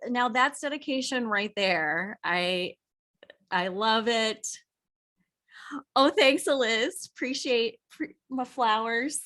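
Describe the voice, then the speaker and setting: A woman hosting a video call, warmly greeting attendees by name in a bubbly way. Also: on the high side, animated, slow. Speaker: webinar host. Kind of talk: welcoming a video call audience.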